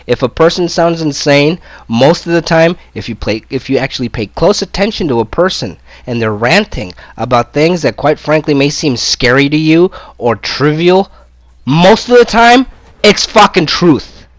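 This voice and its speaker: A man's voice: fairly high pitch, no room sound, low-quality recording. Male gaming vlogger, angry profane rant, gloating, stammering fillers, raised voice, dry close sound. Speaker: gaming video creator.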